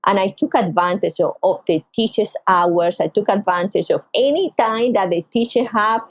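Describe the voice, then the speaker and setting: Venezuelan lady, spanish accent, animated storyteller, kinda muffled dry audio. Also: moderate pace, no echo. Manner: expressive, acts out quoted voices with big pitch jumps. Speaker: podcast guest. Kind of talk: emotional storytelling.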